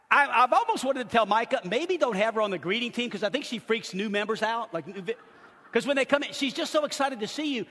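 An older man, a pastor, preaching a sermon and telling family stories with lively, acted-out moments. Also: high voice, long reverb tail. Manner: animated storytelling, acts out loud screams.

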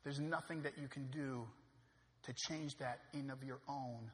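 A man in his thirties preaching a sermon as a pastor, swinging from loud preaching peaks to quiet storytelling. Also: mid-range voice, steady tone, unhurried. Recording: long reverb of a hall.

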